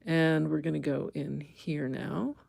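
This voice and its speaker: A woman's voice: deep voice, level tone, a little slow, vocal fry, a little mellow, no room sound. A middle-aged woman teaching embroidery on a live stream, thinking aloud as she stitches, correcting herself and chatting with viewers.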